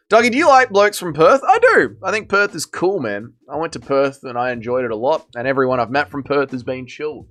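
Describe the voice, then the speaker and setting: An Australian man hosting a livestream in casual chat, wry and self-mocking and quick to protest as he reads out chat messages. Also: a little high, big pitch swings, fairly bright tone, soft background music. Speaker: livestream host.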